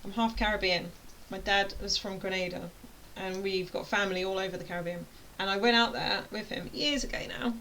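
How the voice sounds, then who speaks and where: A woman's voice: medium pitch, fairly even intonation, a little fast, hardly any pauses, sharp tone, slight background noise, poor audio. A British woman teaching an online course, talking casually in a rambling, playful way that keeps interrupting itself. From United Kingdom. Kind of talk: casual chatty explainer.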